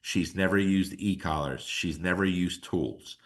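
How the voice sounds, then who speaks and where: Man, middle-aged, somewhat low voice, podcast guest, emotional, animated, casual talk. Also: a little slow. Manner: casual, slangy. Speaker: guest dog trainer. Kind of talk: podcast conversation.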